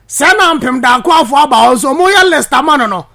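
A man with a Ghanaian accent presenting sports news, lively, switching between his local language and English. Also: very high-pitched, fast talker. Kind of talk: news commentary.

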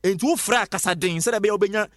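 A man presenting an advert on radio, fast and insistent, repeating his phrases. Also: sits high, no echo, studio quality. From Ghana. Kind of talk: hyped radio advert pitch.

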